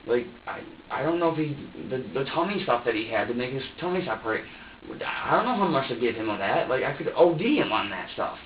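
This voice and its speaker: A man's voice: medium pitch, very animated, brisk, a little hiss or hum. A young man being questioned by police, talking in a rambling, repetitive and defensive way. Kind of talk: police interrogation. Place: police interview room. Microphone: far room microphone. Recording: tinny, echoey room audio from far off.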